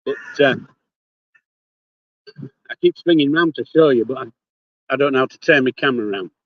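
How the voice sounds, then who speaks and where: A man's voice: medium pitch, brisk, no echo. Older Yorkshire man, blunt casual talk, swears freely, dry close phone sound, slightly muffled. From Yorkshire, England. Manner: blunt, swears casually, speaks before thinking. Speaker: livestreamer. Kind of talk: casual live-stream chat. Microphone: phone held in hand.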